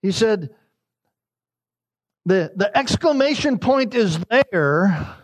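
A man preaching a sermon in a high voice. He is emphatic and repeats his key lines. His pitch climbs even higher when he stresses a point. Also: takes it slowly, pauses often. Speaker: pastor.

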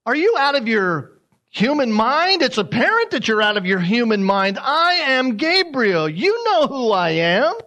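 A man's voice: very high voice, sing-song, moderate pace, bright, forceful tone, pitched above the performer's own voice, heavily acted. A man voicing a brash, blunt male archangel messenger who speaks in emphatic, streetwise tones.

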